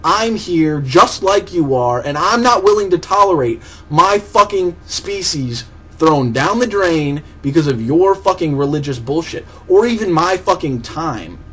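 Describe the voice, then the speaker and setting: A young man with a fairly high voice delivers a profane, heated, sarcastic rant in reply to a commenter, with faint hiss behind him. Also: lively intonation, a little slow, breathy edge. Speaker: vlogger answering a commenter. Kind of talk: angry video rant.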